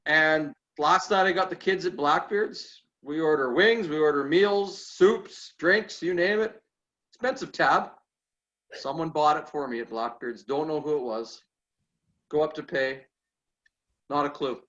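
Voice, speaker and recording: A man's voice: a little high, a little slow, fairly bright tone. A man co-hosting a sports podcast, telling a story in short, clipped sentences. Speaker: podcast co-host. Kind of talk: casual sports talk storytelling. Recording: dull lo-fi remote audio.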